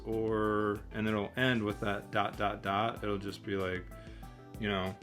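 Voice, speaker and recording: A man from Michigan with a Michigan accent, co-hosting a casual chat, explaining and gently teasing at an easy pace. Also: on the low side, flat delivery, a little slow, soft background music. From Michigan, United States. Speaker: co-host.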